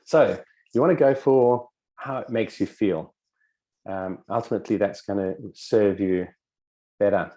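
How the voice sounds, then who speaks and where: A man teaching in a casual spoken way, animated and acting out little dialogues with shifting voices, swearing casually now and then. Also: on the low side. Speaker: self-help coach.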